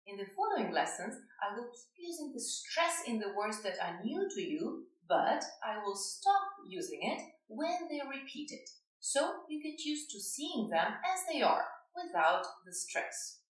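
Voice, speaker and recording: A woman with a Russian accent, a native Russian speaker, explaining reading rules to beginners in a careful, clear way. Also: fairly high pitch, very animated, a little slow. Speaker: language teacher. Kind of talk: scripted lesson explanation. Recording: very echoey room, from a distance.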